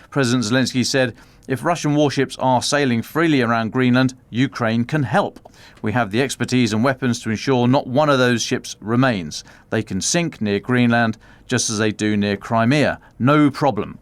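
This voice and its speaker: A man's voice: mid-range voice, dry recording. A man presenting a news roundup on a podcast, reading quotes with wry asides.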